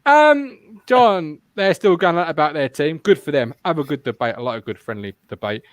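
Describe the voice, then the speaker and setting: A man hosts a live football fan podcast, talking in a loose, rambling way with plenty of swearing. His pitch sits a little high and swings widely. The sound is dry and close, with no room echo. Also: normal speed. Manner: animated, swears freely, rambling asides. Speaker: podcast host. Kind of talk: casual football podcast chat.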